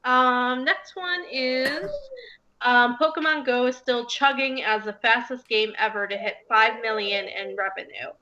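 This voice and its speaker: A woman's voice: on the high side, measured pace, pushed and bright. A woman co-hosting a podcast, reading game news aloud with frequent ums and little laughs, her voice getting worn. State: losing her voice. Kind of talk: casual podcast chat. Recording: dull lo-fi audio.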